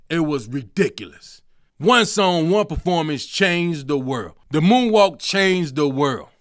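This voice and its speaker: A man, hosting a comedic solo talk show, animated and profane, breaking into sung snippets. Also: high-pitched, no echo, studio quality. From Chicago. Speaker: host.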